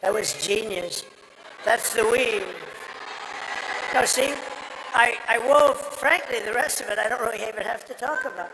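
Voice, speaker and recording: A man's voice: very high voice, moderate pace, gravelly, pauses often. A man giving a rambling, boastful campaign rally speech at a podium microphone, his voice strained and tiring after a long day. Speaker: political speaker at a rally. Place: large rally venue. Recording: reverberant venue with crowd noise.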